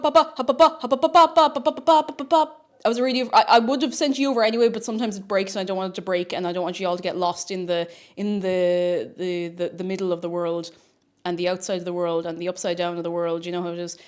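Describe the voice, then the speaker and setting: A woman streaming live, chatting casually in a scattered, playful way that breaks into sing-song and shouting. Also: mid-range voice.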